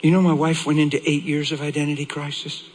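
A middle-aged man, a pastor, giving an emotional, animated sermon testimony. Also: a little high, fast talker, slight background noise, low-quality recording.

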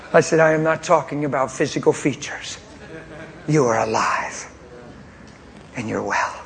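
A man's voice: fairly high pitch, a little slow, creaky, long pauses, crowd noise. A man preaching a testimony in a pointed, straight-talking way, telling his story with animation and frequent laughter. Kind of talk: sermon testimony.

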